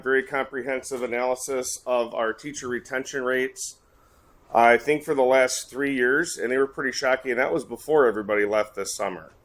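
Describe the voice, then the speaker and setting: Man, blunt and rushed, mid-pitched voice, public-comment speaker. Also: a bit bright. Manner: blunt, rapid, frustrated. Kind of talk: public comment at a board meeting.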